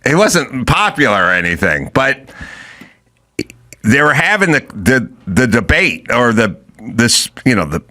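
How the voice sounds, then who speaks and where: Animated middle-aged man telling stories. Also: medium pitch, a little slow. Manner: storytelling, animated, acts out quotes. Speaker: podcast host. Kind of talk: casual chat.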